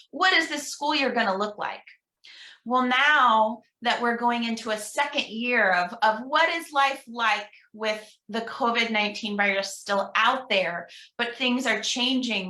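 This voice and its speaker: A woman minister with a fairly high, clear, bright voice leads an upbeat all-ages talk for an online church service. She reads affirmations slowly for listeners to repeat back. The room around her sounds roomy and echoey. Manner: upbeat, leads call-and-response affirmations with slow pauses. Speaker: guest minister. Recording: roomy echo.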